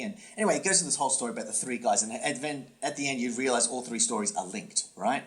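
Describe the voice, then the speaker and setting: A man co-hosting a comedy podcast, telling a long story with swooping pitch, many fillers and restarts. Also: fast talker, few pauses. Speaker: podcast co-host and comedy workshop instructor. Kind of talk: casual podcast chat, storytelling.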